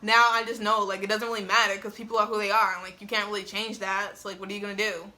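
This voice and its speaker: Filmed on a tripod-mounted phone, this young woman chats through a personal story in a casual vlog, full of "like" and frequent laughter. She talks fast at a medium pitch with a level tone, her voice pushed and bright.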